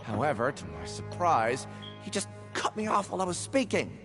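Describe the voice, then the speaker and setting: A man's voice: a little high, huge pitch swings, normal speed, fairly bright tone, exaggerated voice. An actor voicing an anxious young male drink promoter in a video game, fretful and apologetic. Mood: upset. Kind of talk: game voice acting. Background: game music.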